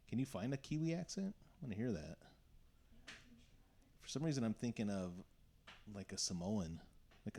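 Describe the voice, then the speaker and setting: A man hosting a casual podcast chat, joking, blunt and quick to laugh. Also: on the low side, vocal fry, warm tone, a little hiss or hum.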